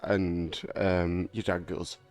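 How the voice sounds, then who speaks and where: A man's voice: sits low, little pitch movement, slow pace, darkish tone, soft background music. A young man in a casual, rambling gaming chat, swearing freely and laughing often. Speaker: gaming vlogger.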